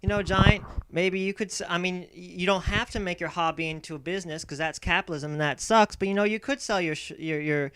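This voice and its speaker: A man voicing a gentle rabbi who hesitantly reasons with someone, stumbling over his words. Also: high-pitched, a little fast, few pauses, smooth, dry recording. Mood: persuasive. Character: earnest gentle rabbi, soft-spoken and reasoning.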